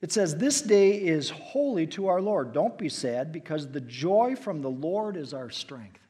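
Middle-aged male pastor, slightly high, husky voice; sermon storytelling that swings from booming to hushed. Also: very animated, unhurried.

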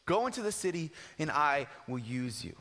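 A man doing a solemn, commanding divine voice, dropped low and grave. It carries calmly, and a long reverb hangs behind it in a large hall. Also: moderate pace.

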